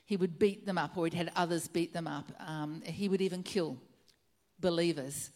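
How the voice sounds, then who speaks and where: A woman's voice: lowish voice, steady tone, moderate pace, warm tone. Earnest woman preaching a sermon. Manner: earnest storytelling, repeats key phrases for emphasis.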